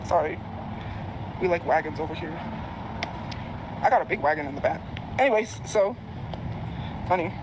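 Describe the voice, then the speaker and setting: A woman rambles to her followers, repeating herself and trailing off mid-thought. She records outdoors by a road, and loud traffic noise runs under her voice. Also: deep voice, expressive, normal speed, long pauses. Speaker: social media personality. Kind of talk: rambling vlog talk.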